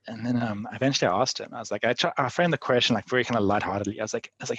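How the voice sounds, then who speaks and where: A young man, a podcast guest, telling adventure stories in a rambling way, full of "like" and quick laughs. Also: mid-range voice, a bit bright, breathy edge, dry recording, muffled recording. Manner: rambling, heavy use of "like", frequent laughs. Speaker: podcast guest, endurance athlete. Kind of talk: casual storytelling.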